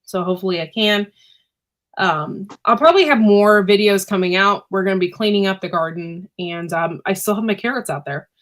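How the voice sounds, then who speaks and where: A woman chatting on a relaxed livestream from home, her voice sitting at an ordinary middle pitch. She rambles along with lots of fillers and keeps stopping to clear her irritated throat. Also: a little fast. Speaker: livestream host and homesteader. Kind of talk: casual livestream chat. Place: indoors at home.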